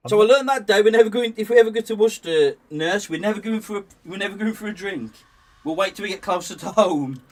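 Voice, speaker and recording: A man's voice: sits high, fast talker, distant mic. A young man, a guest on a game stream, telling a story in casual chat, rambling with restarts and laughing often.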